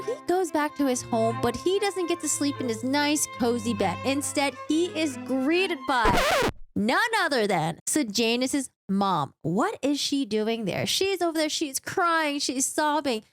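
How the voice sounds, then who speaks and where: A woman's voice: fairly high pitch, no echo, clean studio sound. A woman giving a chatty, casual book recap with frequent asides and fillers.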